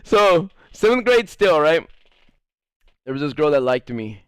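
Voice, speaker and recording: A man chatting on his stream, spinning a rambling story peppered with fillers and crude swearing. His voice sits a bit high and sounds smooth and clean. The sound is dry and close, with no room ring. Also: very animated, a little slow, no echo. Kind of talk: casual storytelling to a live chat.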